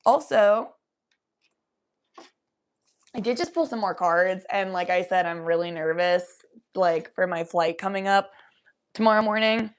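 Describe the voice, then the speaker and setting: A young woman hosting a casual livestream, chatting to viewers in a loose, giggly, profane way while high. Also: unhurried, long pauses. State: high from smoking weed. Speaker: livestream host. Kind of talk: casual chat reading viewer comments.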